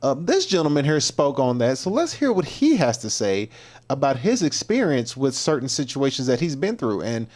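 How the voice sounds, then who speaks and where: A man's voice: medium pitch, sing-song, normal speed, darkish tone. Slangy, laughing livestream host man. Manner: loose, slangy, laughing often, repeats himself. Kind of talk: casual livestream commentary.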